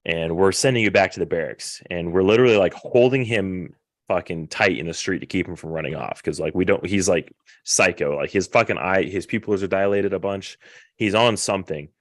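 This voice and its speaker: Deep-voiced man telling a profane war story. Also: a little fast, dry recording, clean studio sound. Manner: profane, rambling, animated retelling. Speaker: podcast host. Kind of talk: casual storytelling.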